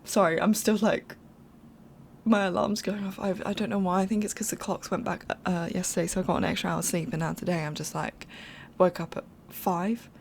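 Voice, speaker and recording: Gravelly, low-voiced young woman rambling casually. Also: steady tone, fairly quick, a little hiss or hum. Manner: rambling, chatty, apologetic, laughs often. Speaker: game speed-build creator.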